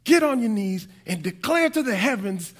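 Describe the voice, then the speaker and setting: A man voicing an older churchgoing grandmother who hates cats, telling her tale with rising, breathless excitement. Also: sits high, moderate pace, pitched above the performer's own voice. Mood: exasperated. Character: older cat-hating church grandmother, dramatic.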